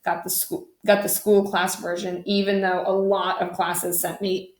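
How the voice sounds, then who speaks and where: A woman reads a children's story aloud with bright animation. Her voice sits in a middle pitch and leaps high when she plays the characters. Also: level tone, measured pace, roomy sound. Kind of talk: reading a picture book aloud.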